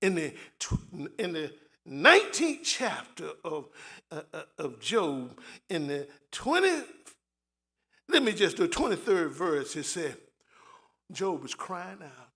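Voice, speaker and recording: Slow, bright-voiced emphatic preacher. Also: male voice, fairly high pitch, sing-song. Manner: emphatic, call-and-response asides to the congregation. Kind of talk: sermon.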